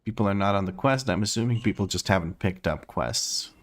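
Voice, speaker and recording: A man with a slightly low voice chats his way through a live game stream at home. He talks loosely and playfully, narrates his moves as he goes, and laughs easily. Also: a little fast. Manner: chatty and playful, laughs often, thinks aloud. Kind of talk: casual live-stream chat while gaming. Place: home room.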